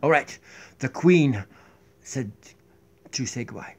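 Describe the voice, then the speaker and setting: A man's voice: mid-range voice, lively intonation, slow pace, a little mellow. A man chatting casually in a home vlog, rambling with mumbled asides, recorded on a tablet in his kitchen. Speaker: vlogger. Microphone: tablet built-in mic.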